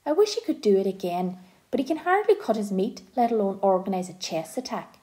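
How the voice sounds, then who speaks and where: A woman narrating an audiobook in a gentle, expressive storytelling manner. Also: medium pitch, fairly quick.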